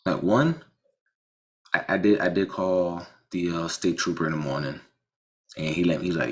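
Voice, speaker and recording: His voice sits low and he keeps a moderate pace broken by long pauses. The story is a casual, animated account of his own car accident, full of restarts and blunt profanity.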